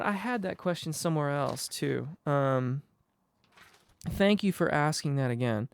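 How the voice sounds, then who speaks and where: A male singing teacher answering viewer questions live, a bit under the weather, explaining in a relaxed way with frequent ums and restarts. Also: a little high, a little slow, vocal fry, smooth, no room sound. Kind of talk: live Q&A on voice technique.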